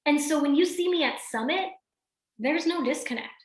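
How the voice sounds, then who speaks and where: High-voiced energetic woman coaching her team. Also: normal speed, roomy sound. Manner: energetic, addresses listeners directly with frequent "right?". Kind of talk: motivational team training call. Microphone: video call.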